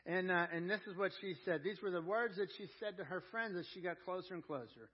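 Guy preaching, earnest, goes quiet and low then loud on key words, kinda muffled recording. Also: quick pace, few pauses, breathy edge. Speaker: pastor. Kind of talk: sermon.

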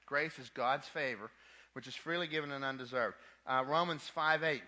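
A man's voice: medium pitch, moderate pace, sharp tone. A man preaching a sermon to a young adult ministry, emphatic, with casual asides, and repeating his key points twice.

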